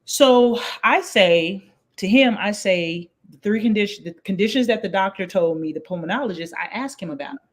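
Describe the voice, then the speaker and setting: A woman, a guest telling her story in a casual interview, acting out what others said in lively voices. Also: mid-range voice, moderate pace. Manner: animated, acts out quoted voices.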